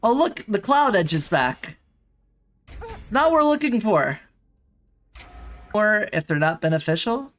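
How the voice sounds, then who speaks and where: A woman streaming a game, talking casually to her chat and begging the game for the item she wants. Her voice sits at a middle pitch, exasperated and playful. Faint game music plays behind her. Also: big pitch swings, measured pace, pauses often, a bit bright. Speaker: VTuber streamer.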